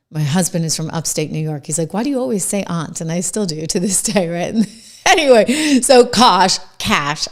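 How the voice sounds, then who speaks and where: A middle-aged woman host with a New Hampshire accent, giving emphatic, conversational political commentary to camera with quick asides. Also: lowish voice, a little mellow.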